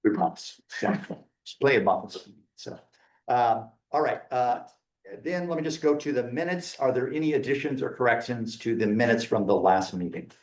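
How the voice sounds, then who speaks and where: Male meeting chair, easygoing and a little jokey, middle pitch, echo of a meeting room. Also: animated, moderate pace, a little mellow. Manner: informal, joking, loose and friendly. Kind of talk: chairing a hybrid public meeting.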